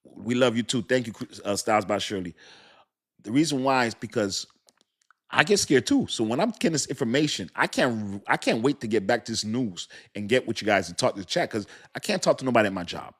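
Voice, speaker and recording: A man's voice: mid-range voice, animated, brisk. A man hosting a casual livestream, rambling and laughing as he talks to his chat. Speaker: crypto livestream host.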